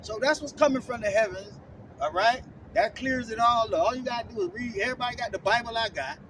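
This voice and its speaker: A man with a very high voice preaches in a blunt, scolding way, ending almost every phrase with "man" or "all right?". He stands back from the mic outdoors, and clear traffic noise carries under his voice. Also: fast, a bit bright, distant mic, low-quality recording. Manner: scolding, blunt, profane street talk. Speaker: street preacher teaching scripture. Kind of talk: confrontational online sermon.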